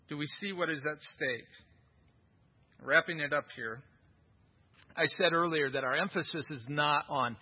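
Casting note: male pastor, high husky voice, emphatic sermon delivery, slightly muffled recording. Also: moderate pace, long pauses. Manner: emphatic, rhetorical questions, repetition.

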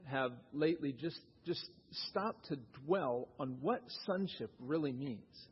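A pastor with a fairly high, slightly rough voice preaches in a church, speaking conversationally and asking the congregation questions. The sanctuary recording comes across dull and reverberant.

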